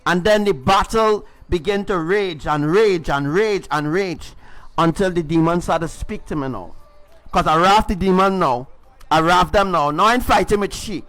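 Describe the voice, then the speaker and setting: A high-pitched, slightly bright male voice carries this livestreamed spiritual testimony. The self-described preacher hammers his points through repetition and keeps asking "right?"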